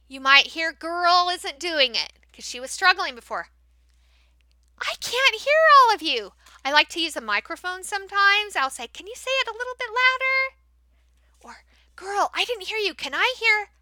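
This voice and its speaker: A woman teacher demonstrating how to run a class for young learners, switching between explaining to other teachers and modeling big, excited praise for kids. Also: very high voice, dry recording. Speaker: teacher trainer. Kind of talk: training demo, modeling classroom talk.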